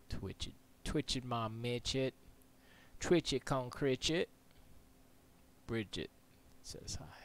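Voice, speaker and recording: A man's voice: mid-range voice, lively intonation, takes it slowly, long pauses, fairly bright tone. A man chatting casually on a live stream from his music studio, rambling and slipping into mumbled near-whispers and nonsense rhymes.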